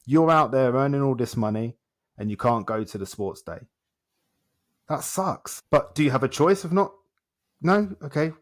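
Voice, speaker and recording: An expressive male voice of medium pitch and moderate pace belongs to a self-development coach who is a guest on a podcast. His talk is conversational storytelling, delivered animatedly, with dialogue acted out in short repeated phrases.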